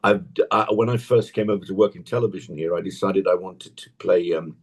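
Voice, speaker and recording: Older English actor, gravelly low husky voice, rambling anecdotes on a video call. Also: male voice, a little fast. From England. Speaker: actor guest. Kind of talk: casual interview chat. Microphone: tablet on a video call.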